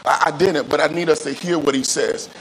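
High-voiced man preaching call-and-response. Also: steady tone, slight background noise, low-quality recording. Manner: call-and-response preaching, drawn-out emphatic phrases; repeats words and restarts mid-phrase. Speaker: pastor. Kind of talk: sermon.

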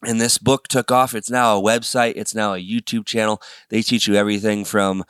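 A man's voice: lowish voice, flat delivery, brisk, fairly bright tone, smooth, no room sound, studio quality. A man hosting a casual talk show, reading from a book and chatting between passages, laughing often. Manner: chatty, laughs often, drifts into a put-on New York accent and out again. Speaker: podcast host.

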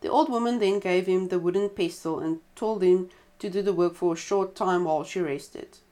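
A woman reading a folk tale aloud in a relaxed way, stopping now and then for chatty side comments. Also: fairly low pitch, normal speed. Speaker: storyteller.

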